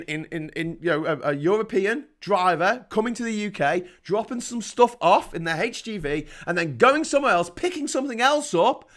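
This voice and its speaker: A middle-aged British man hosting a show, ranting angrily about politics with constant swearing and sarcastic mock voices. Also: sits high. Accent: British English. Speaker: host of a livestream rant show. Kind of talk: angry political rant.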